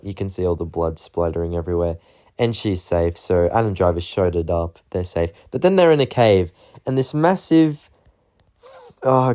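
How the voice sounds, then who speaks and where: A man's voice: low voice, dark tone, smooth. A man casually recapping a film in a rambling, offhand way with lots of fillers. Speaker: movie reviewer.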